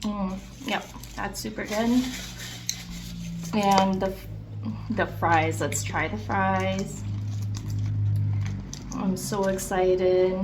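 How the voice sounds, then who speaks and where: A young woman talks casually to her viewers while eating at home. She is excitable and chatty, scattering filler words and hums of enjoyment between bites. Her voice sits at a middling pitch, with a faint hum of background noise. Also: extremely slow, long pauses. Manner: chatty, filler-heavy, excitable, with chewing and "mm" sounds between remarks. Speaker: mukbang vlogger.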